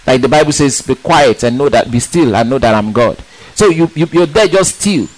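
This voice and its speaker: A man preaching a sermon in an emphatic, animated way, asking rhetorical questions and repeating words for stress. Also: mid-range voice, moderate pace, poor audio.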